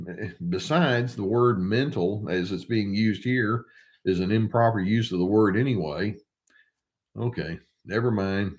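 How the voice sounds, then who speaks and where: Wry older male therapist, conversational. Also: fairly low pitch. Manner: wry, conversational, thinking aloud. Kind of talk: casual commentary to camera.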